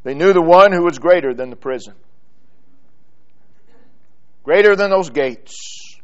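A man preaching a sermon in a church, building from quiet, drawn-out phrases to loud, emphatic repetition. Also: fairly high pitch, expressive, lo-fi sound.

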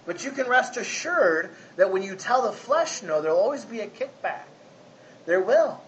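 A man's voice: high voice, a bit bright, slight background noise, low-quality recording. A man preaching a conversational sermon, folksy and often asking his listeners if they follow. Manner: folksy, asks the congregation 'right?'. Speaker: pastor.

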